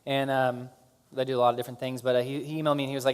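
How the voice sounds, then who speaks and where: A man giving a casual talk to an audience about his work, halting with fillers and restarts. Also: mid-range voice, little pitch movement, clear, resonant tone. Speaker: speaker telling his business story.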